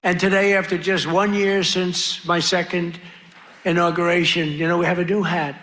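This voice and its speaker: A man's voice: high voice, little pitch movement, moderate pace, fairly bright tone. A man giving a rally speech in a large venue, boastful and repetitive, with rambling asides. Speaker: political rally speaker. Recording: crowd noise from a live rally. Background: cheering crowd and ambient noise.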